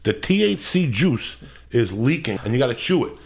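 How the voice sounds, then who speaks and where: A man's voice: medium pitch, big pitch swings, normal speed, creaky. A man hosting a podcast, talking in a boisterous, profane, teasing way during casual chat. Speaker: podcast host.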